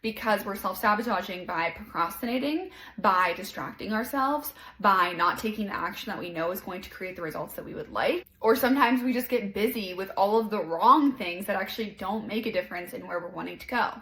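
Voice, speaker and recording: A woman hosting a casual self-help podcast, talking in a gentle, encouraging way and saying "like" often. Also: mid-range voice, expressive, brisk, few pauses, echoey room, low-quality recording. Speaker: podcast host.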